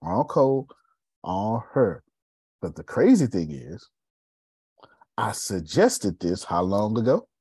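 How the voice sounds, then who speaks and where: A man hosting a casual podcast conversation, animated and preachy, dropping low and quiet for emphasis. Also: slow pace, long pauses, slightly rough, no room sound. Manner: animated, preachy, drops pitch and volume for emphasis. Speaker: podcast host.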